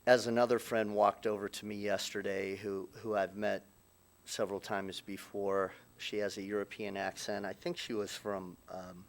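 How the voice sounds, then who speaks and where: A middle-aged man with a lowish voice delivers a eulogy in a funeral chapel. He speaks haltingly, restarting phrases and pausing often, and his voice catches with emotion. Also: little pitch movement, creaky. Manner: halting, with frequent restarts and pauses. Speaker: son giving a eulogy.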